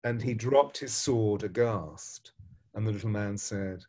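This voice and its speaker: A man, a spiritual teacher, tells a parable and gives a spiritual talk in an expressive, dramatic way, shifting his pace and loudness. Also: fairly low pitch, unhurried.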